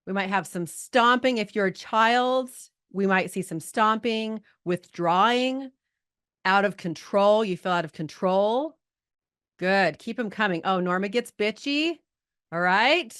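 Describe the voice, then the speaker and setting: A middle-aged woman coaching a group over a video call, chatty and lively, holding back tears at times. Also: mid-range voice, a little slow. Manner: chatty, lively, talks to the chat audience. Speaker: life coach hosting a live group call. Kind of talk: casual coaching talk.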